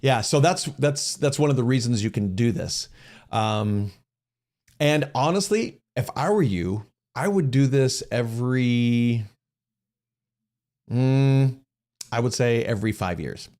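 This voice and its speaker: A man's voice: mid-range voice, animated, takes it slowly, darkish tone. Chatty man explaining paperwork casually. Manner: conversational, restarts phrases, acts out quoted dialogue. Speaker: host answering viewer questions.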